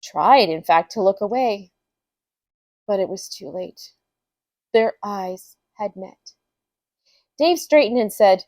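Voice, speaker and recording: A woman reading a funny story aloud as a storyteller, with an expressive, unhurried delivery. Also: mid-range voice, dry recording.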